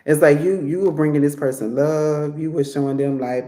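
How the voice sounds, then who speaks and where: A tarot reader in a casual reading, chatty and quick to laugh, often slipping into little acted-out voices. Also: mid-range voice, dark tone. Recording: roomy echo.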